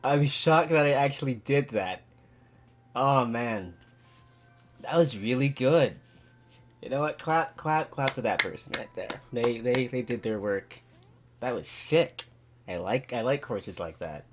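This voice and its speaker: A man hosting a gaming channel, giving excitable let's play commentary and talking to himself as he plays. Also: mid-range voice, unhurried. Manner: excitable, talks to himself while playing.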